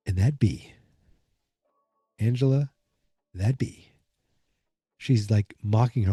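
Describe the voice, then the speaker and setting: A drowsy man hosts a podcast, recapping an episode in a loose, rambling way full of fillers. His voice is deeply mellow and dark, recorded dry with no room sound. He keeps fighting off yawns. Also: unhurried, long pauses, husky, no echo. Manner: rambling, lots of fillers and asides. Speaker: podcast host.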